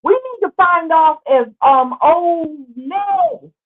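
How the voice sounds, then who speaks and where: A woman's voice: very high-pitched, huge pitch swings, takes it slowly. A woman hosting a show, giving casual, sarcastic commentary as she exclaims over pictures. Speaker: show host. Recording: tinny phone-like line.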